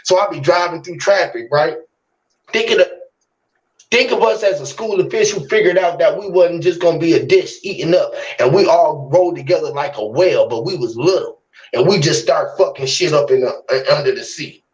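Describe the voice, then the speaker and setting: High-voiced man rambling in profane metaphors. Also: moderate pace, lo-fi sound. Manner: rambling, profane, spins long fish metaphors. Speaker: host of an online talk room. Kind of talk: casual chat.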